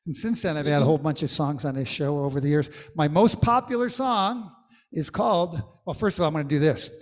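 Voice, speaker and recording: A man in his sixties, a singer-songwriter and comedy host, speaks a little fast in a voice on the high side, with a big-room sound. Between songs on a live-streamed comedy music show, he sings, jokes and tells rambling stories.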